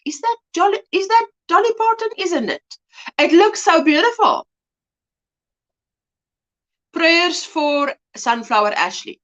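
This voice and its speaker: Middle-aged woman hosting a home livestream, from South Africa, bubbly, high voice with big swings. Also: a bit bright. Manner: chatty, greets viewers by name, laughs often. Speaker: livestream host. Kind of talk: casual livestream chat.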